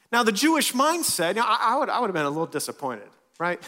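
A man preaching a sermon in a church, swinging from loud and lively to hushed and soft. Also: high-pitched, fast talker, few pauses. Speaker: pastor.

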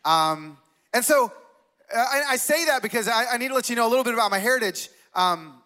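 A man in his forties preaching as a guest speaker in a church, talking casually with self-deprecating humor and animated retelling. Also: extremely high pitch, a little fast. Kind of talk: sermon. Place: church sanctuary.

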